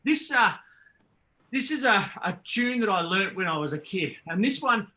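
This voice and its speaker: A man running a physical education workshop on a video call, leading a sung call-and-response warm-up and chanting rhythmic action words. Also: sits high, expressive, moderate pace. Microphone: video call computer mic.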